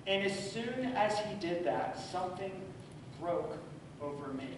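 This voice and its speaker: A middle-aged male pastor with a high voice tells a sermon story, swinging between loud and hushed. He sounds distant from the mic, and the sound rings around a very reverberant church. Faint noise sits behind him. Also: expressive, unhurried. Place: church sanctuary.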